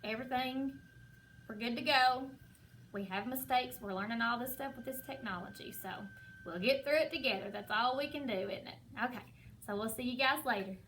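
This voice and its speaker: A woman kindergarten teacher giving a recorded lesson to young children in slow, patient, sing-song teacher talk. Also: high-pitched, wildly swooping pitch, fairly bright tone, slight background noise. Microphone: iPad camera.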